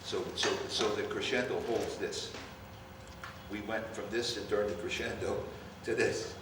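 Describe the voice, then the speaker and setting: An older man conducting a band rehearsal, coaching players and calling out cues in an animated way. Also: lowish voice, moderate pace. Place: large rehearsal hall. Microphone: distant room mic. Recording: far-off echoey hall, noisy.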